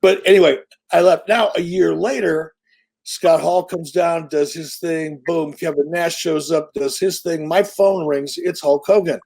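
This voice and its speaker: A middle-aged man tells a story in a casual interview, with a voice pitched a little high. He talks in an animated, profane, salesman-like way, full of confidence. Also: measured pace, creaky. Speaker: interview guest.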